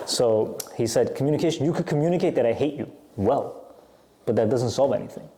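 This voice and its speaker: A man on a podcast jumps in to argue his own view with emphasis. His voice is mellow and dark at a middle pitch, with a little background noise. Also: expressive, a little fast. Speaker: podcast co-host. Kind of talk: casual podcast discussion.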